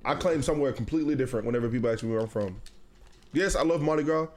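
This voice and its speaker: A man's voice: medium pitch, racing, darkish tone. A man co-hosting a podcast, telling stories with playful, profane casual banter. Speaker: podcast co-host.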